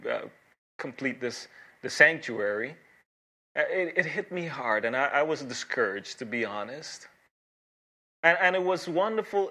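A pastor delivers an evening sermon with a bright, forceful tone and a slightly high voice. He preaches earnestly and emphatically, leaning on dramatic pauses and repeating key phrases for weight. His delivery rises and falls between urgent appeals and quiet, reassuring moments.

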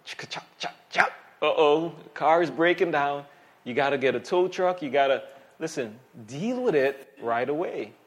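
A man preaching a sermon as pastor, animated and emphatic, with vivid everyday asides. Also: on the high side.

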